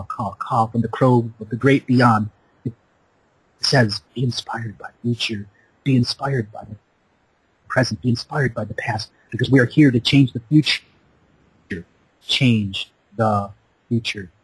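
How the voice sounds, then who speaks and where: A man with a very husky, breathy voice sitting on the low side delivers a fervent spiritual address over a call. He chants his lines in repeating, incantatory waves like a sermon. The sound is close and dry, with no room around it. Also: dry recording, rough recording. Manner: incantatory, repetitive, preaching cadence. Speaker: radio show host. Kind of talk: impassioned spiritual monologue. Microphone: Skype call.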